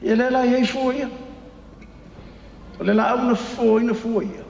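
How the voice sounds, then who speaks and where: A man preaching a bilingual sermon at an evening church service, emphatic and slow on key phrases. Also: very high voice, fairly even intonation, vocal fry, a little mellow, a little hiss or hum. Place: large church hall. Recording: echoey hall with long reverb.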